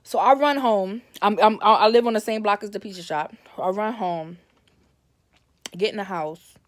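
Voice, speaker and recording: A woman's voice: medium pitch, normal speed, dry recording, clean studio sound. A woman telling a personal story in a casual, rambling way, often correcting herself and livening up when she quotes her family. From Brooklyn, New York.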